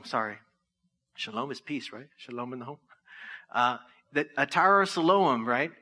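Bright-voiced man preaching conversationally. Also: on the high side, lively intonation, moderate pace, long pauses. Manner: conversational preaching with frequent "right?" asides. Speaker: pastor. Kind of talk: sermon.

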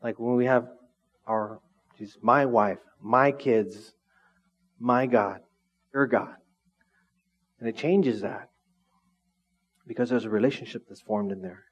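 A man preaching a sermon to a congregation in a relaxed, conversational way, often asking the room questions. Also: medium pitch, slow, long pauses, slightly rough, lo-fi sound. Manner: conversational, lively, asks the audience questions. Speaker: pastor. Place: church hall with congregation.

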